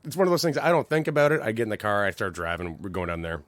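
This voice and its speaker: A man's voice: lowish voice, rapid-fire, no echo. A man co-hosting a podcast, chatting casually and acting out the people in his stories. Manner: animated storyteller, acts out other people's lines. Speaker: podcast co-host. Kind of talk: casual chat.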